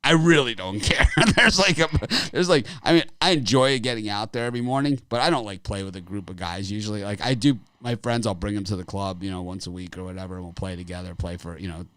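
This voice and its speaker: A man's voice: fairly low pitch, quick pace, few pauses, a bit bright, no echo. A middle-aged man hosting a sports betting show, talking casually in a rambling way and laughing often. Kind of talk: casual chat.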